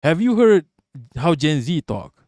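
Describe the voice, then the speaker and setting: A man's voice: a little high, sing-song, unhurried, darkish tone, no room sound, studio quality. A man streaming live, reading chat aloud and answering it in a casual, profane, joking way.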